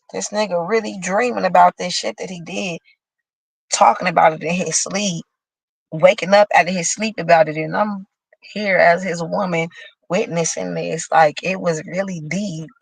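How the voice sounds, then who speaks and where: A woman's voice: lowish voice, steady tone, moderate pace, creaky, breathy edge, no room sound, rough recording. A woman hosting a casual horoscope show, reading signs aloud and riffing in a dramatic, profane, chatty way.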